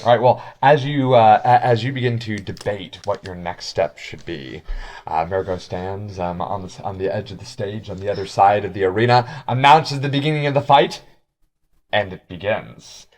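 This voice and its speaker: A man's voice: lowish voice, normal speed, darkish tone. A man narrating a tabletop game as game master, rambling with many fillers.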